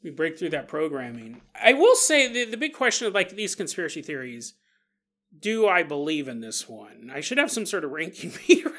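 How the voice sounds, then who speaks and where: A man's voice: fairly high pitch, sing-song, normal speed, bright, forceful tone. A man hosting a podcast, talking in a casual, joking monologue, laughing often and acting out quoted people in exaggerated voices. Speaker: podcast host.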